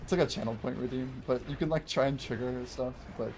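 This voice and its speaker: A man's voice: mid-range voice, fairly quick. A man talks loosely while streaming a game, reading out viewer messages and laughing easily. His voice sits in a middle register. A faint hiss runs under the recording. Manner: chatty, reads and answers viewer chat, laughs often. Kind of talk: casual livestream chat while playing. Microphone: wears headphones while streaming.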